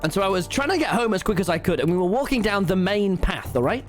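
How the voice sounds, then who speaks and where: A young man telling a story on a live stream, animated, swearing often and laughing. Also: high voice, fast talker, soft background music.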